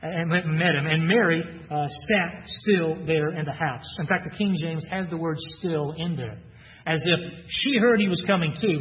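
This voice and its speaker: A man preaching an expository sermon, reading scripture aloud and then explaining it earnestly. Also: a little high. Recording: muffled, reverberant hall recording.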